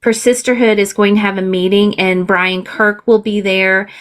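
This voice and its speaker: A woman's voice: medium pitch, flat delivery, normal speed, clear, resonant tone. A woman from the Southern United States, a political candidate speaking as a podcast guest in earnest, emphatic casual conversation. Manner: earnest and emphatic, with laughs and restarts.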